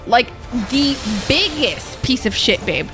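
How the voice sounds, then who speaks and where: A young woman streaming a game, chatting casually with her viewers, swearing freely and reacting excitably. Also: sits high, slow pace, over music. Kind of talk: casual live-stream chat.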